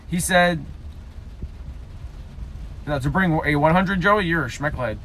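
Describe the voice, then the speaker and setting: A man's voice: on the high side, lively intonation, slight background noise. Joking New man reading aloud. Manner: reads haltingly, breaks off for loud self-mocking side comments. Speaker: vlogger reading aloud a childhood story. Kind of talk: casual read-aloud with joking asides.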